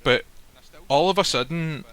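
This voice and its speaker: Storytelling man, bright forceful tone, blunt and profane. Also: a little high, a little slow, smooth. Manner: blunt, swears freely, acts out quoted lines. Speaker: guest telling a personal story. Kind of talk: casual storytelling. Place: live stream recording.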